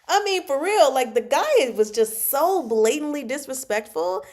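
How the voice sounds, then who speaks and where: Animated woman hosting a book chat. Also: high-pitched, normal speed, hardly any pauses. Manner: animated, exasperated, laughs often, talks back to characters. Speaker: book club host. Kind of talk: casual livestream book chat.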